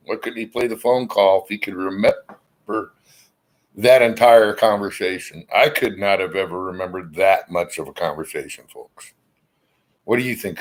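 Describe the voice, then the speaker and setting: A man with a very low, gravelly voice talks his way through a rambling, suspicious monologue, cursing as he goes. Hiccups keep interrupting him. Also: low-quality recording. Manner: rambling, suspicious, swears freely. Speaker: vlogger. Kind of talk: casual rambling monologue to camera.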